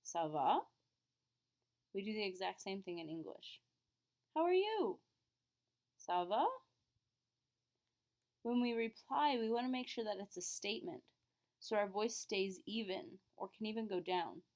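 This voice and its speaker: Woman, French teacher, patient lesson delivery, middle pitch, models phrases clearly. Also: a little fast. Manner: clear, patient explaining, exaggerated question intonation in examples. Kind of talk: classroom lesson.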